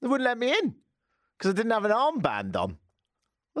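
Wry radio host, lively pitch. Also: male voice, normal speed, pauses often, no room sound. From England. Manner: dry, self-mocking, wry asides. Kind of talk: casual radio chat. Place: radio studio. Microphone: studio mic.

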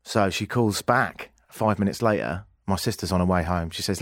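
A man hosting a radio talk show, telling a story in a casual, animated way and acting out the people in it. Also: low-pitched, normal speed, few pauses, no echo, clean studio sound. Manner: animated storyteller, acts out quoted voices. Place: radio studio.

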